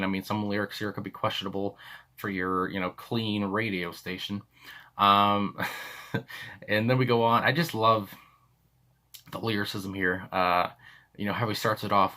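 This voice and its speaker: A man's voice: on the low side, flat delivery, measured pace, pauses often, bright, forceful tone. A man with a Canadian accent, hosting a music reaction video in rambling, casual commentary full of fillers and chuckles. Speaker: music reaction channel host.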